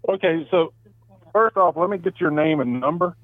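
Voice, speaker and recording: An older man speaking firmly and insistently over a tinny phone line. His voice sits somewhat high. The sound is narrow and dry. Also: moderate pace, no echo. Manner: firm, insistent, businesslike. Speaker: prank call target.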